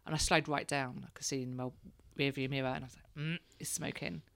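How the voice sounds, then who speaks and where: A woman's voice: extremely low pitch, flat delivery, fast talker. A woman in her thirties, hosting a casual chat and telling candid stories, laughing now and then. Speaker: podcast host, mother.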